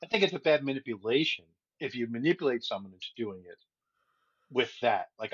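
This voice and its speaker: A man's voice: medium pitch, fast talker, breathy edge, dry recording, muffled recording. A man co-hosting a podcast in casual chat, blunt and crude with a jokey edge. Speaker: podcast co-host. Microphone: remote call setup.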